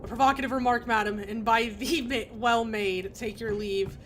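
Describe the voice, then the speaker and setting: A woman's voice: a little high, steady tone, moderate pace, fairly bright tone, slight background noise, close to an everyday voice. A woman voicing a pompous landlady who speaks in stiff, archaic English in a video game. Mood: haughty.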